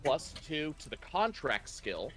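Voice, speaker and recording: A man's voice: fairly high pitch, very animated, measured pace, a bit bright, soft background music. A man acting as game master, casually talking players through character creation step by step. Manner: laid-back, explains rules step by step with fillers. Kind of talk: casual tabletop game session.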